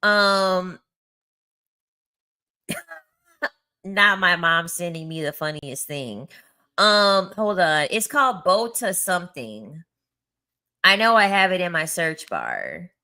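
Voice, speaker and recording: A woman's voice: lowish voice, sing-song, takes it slowly, long pauses, bright, forceful tone. Blunt, mocking woman in her thirties. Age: 30s. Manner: blunt, crude and mocking, with frequent laughs. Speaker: content creator. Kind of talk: casual storytelling chat.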